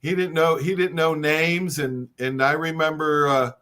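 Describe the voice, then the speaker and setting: A man's voice: a little high, level tone, unhurried, a bit bright. A man hosting a casual group conversation, telling stories with frequent restarts and stammers. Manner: stammering, storytelling. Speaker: host.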